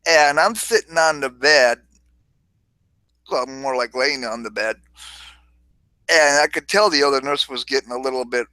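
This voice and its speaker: A man's voice: medium pitch, normal speed, long pauses, bright, forceful tone, no echo, poor audio. A man hosting a livestream, telling a rambling, crude story in a casual way, often laughing and swearing. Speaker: livestream host.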